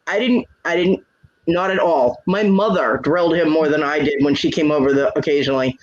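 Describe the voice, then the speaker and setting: A man's voice: on the high side, a little fast. A man hosting a casual livestream chat, venting in a profane, aggrieved way. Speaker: livestream host. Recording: dull lo-fi stream audio.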